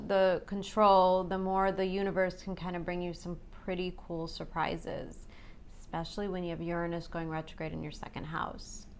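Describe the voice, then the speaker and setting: A woman's voice: fairly low pitch, clear, resonant tone. A woman reading tarot and astrology in a chatty, reassuring way, often checking in with her listeners. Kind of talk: casual astrology forecast.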